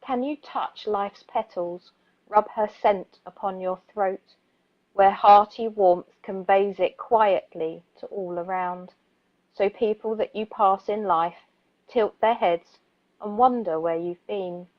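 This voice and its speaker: A woman co-hosting a radio show, reading listeners' poems slowly and soothingly, then chatting casually and laughing easily. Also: mid-range voice, steady tone, highs cut off. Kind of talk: gentle poetry reading and casual chat.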